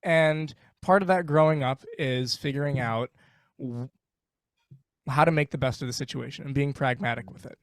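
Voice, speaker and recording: A man ranting emphatically in a casual podcast chat, animated and swearing. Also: mid-range voice, normal speed, dry recording, studio quality. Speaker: podcast guest.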